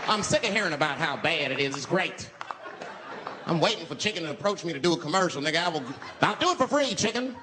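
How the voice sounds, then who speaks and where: A slightly high-voiced American stand-up talks fast with lively intonation, crowd noise audible around him. His routine is loose storytelling broken up by punchy, profane asides, captured in a noisy recording of a live show before a laughing audience.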